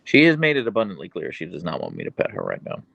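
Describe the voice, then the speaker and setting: Gravelly low-voiced man chatting on a livestream. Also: wildly swooping pitch, fast talker, a bit bright, no room sound, highs cut off. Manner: chatty, reads and answers viewer comments. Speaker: livestream host and dog owner. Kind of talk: casual livestream chat.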